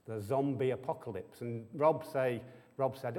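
A man's voice: mid-range voice, unhurried, dark tone. Man preaching in a reverberant hall. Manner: conversational, keeps asking the audience rhetorical questions; humorous asides. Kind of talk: sermon. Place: church hall with an audience.

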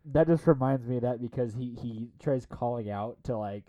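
Young adult man, casual co-host, mellow tone, animated storyteller who impersonates people. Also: normal speed, highs cut off, a little hiss or hum. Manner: animated storytelling, acts out quoted people in a high voice. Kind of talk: casual podcast chat.

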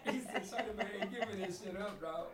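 High-ish guy hosting a chill podcast, slangy banter, echoey room. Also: a little fast, crowd noise. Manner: loose slangy banter, animated storytelling. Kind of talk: casual chat. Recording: roomy echo.

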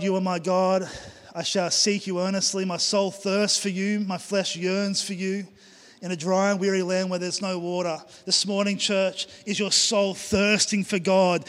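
In a church hall, a middle-aged male pastor preaches a sermon built on emphatic, repeated phrases. His voice is high-pitched and a bit bright, and the recording carries a long hall reverb.

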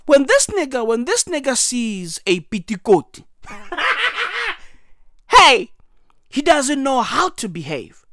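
A man's voice: extremely high pitch, huge pitch swings, takes it slowly, pauses often, sharp tone, dry recording. A man giving profane, mocking satirical commentary on the news, full of slang asides.

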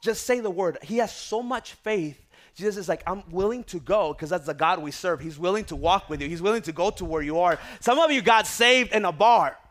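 A man preaching a sermon, moving from hushed prayerful tones to loud exhortation and calling out to his congregation. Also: high voice, fairly quick. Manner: calls out to the congregation for response. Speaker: pastor.

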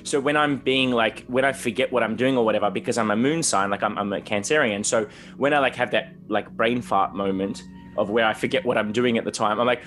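A man's voice: mid-range voice, a little fast, fairly bright tone. A man co-hosting a podcast, chatting casually and rambling, with lots of "like" and restarts. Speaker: podcast co-host.

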